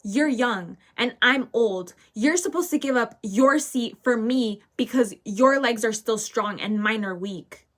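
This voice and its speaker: A teenage girl quoting an indignant old woman who demands a bus seat, loud, slow and scolding. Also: a little high.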